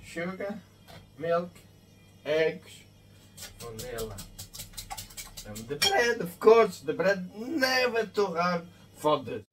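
A man's voice: sits high, big pitch swings, slow, pauses often, over music. A man hosting a cooking tutorial in his home kitchen, talking viewers through each step and ending lines with a friendly "eh?". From Madeira, Portugal. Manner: friendly, tags sentences with "eh?". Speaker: home cook, video host. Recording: distant mic, faint room noise.

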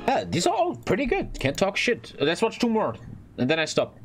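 Excitable, swearing man reacting to clips. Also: sits high, normal speed, soft background music. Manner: blunt, profane and excitable. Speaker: reaction video host. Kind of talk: casual reaction commentary.

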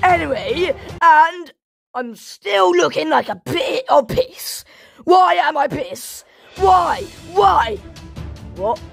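A woman commentating her gameplay in a high, gravelly voice, taking her time between bursts of shouting. She flips between excited yelps and mock-formal asides, with faint music behind her. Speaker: gaming channel host. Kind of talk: let's play game commentary.

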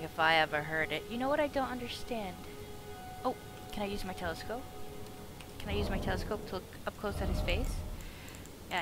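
Woman streamer at middle pitch, excitable and profane, game music clearly behind. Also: brisk, pauses often, low-quality recording. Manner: excitable, swears, talks to the game characters. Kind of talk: live gameplay commentary.

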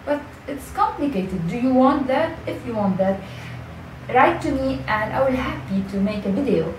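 A woman with a Lebanese accent, a native Arabic speaker, giving a casual video lesson, patient and repeating words slowly with many fillers and restarts. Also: medium pitch. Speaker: language teacher. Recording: echoey room, mic at a distance, faint background noise.

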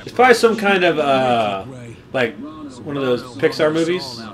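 A young man playing a game on stream, bantering with a friend through deadpan jokes and sudden excited bursts. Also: a little high, moderate pace. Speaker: gameplay commentator. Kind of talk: casual let's-play banter.

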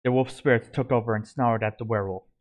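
A man's voice: mid-range voice, fairly even intonation, fast talker, darkish tone. A man reading his own fantasy story aloud, in a plain delivery that often stumbles and restarts.

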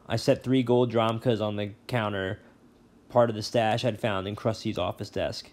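A male teacher reading a novel chapter aloud, relaxed, with brief asides and self-corrections. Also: lowish voice, moderate pace.

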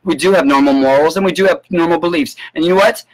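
A man's voice: a little high, quick pace, rough recording. Profane, sarcastic ranting man. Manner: profane, sarcastic and indignant, with sudden yelps. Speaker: political commentator. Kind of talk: ranting live-stream commentary.

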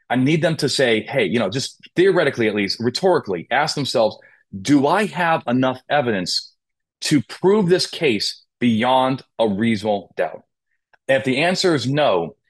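Man, mid pitch, emphatic legal trainer on an interview podcast, asks rhetorical questions. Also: husky. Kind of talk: conversational interview. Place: Las Vegas.

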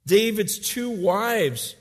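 A man in his forties delivers a sermon in a fairly high voice. He preaches with animated intensity and acts out emotional scenes. At other times he turns quiet, earnest and confessional. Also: very slow, big-room sound. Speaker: pastor.

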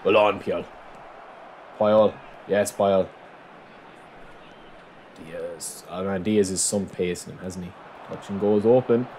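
A man commentating on his own football video game match, excitable, calling his viewers lads and bursting into shouts at big moments. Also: deep voice, slow pace, long pauses, a little hiss or hum. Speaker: gaming YouTuber.

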